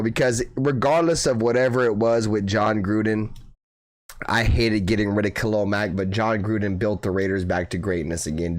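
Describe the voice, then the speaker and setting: A young man hosting a fan channel livestream who reads viewer comments, swears freely and keeps calling listeners bro. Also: on the low side. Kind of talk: casual livestream chat reading viewer comments.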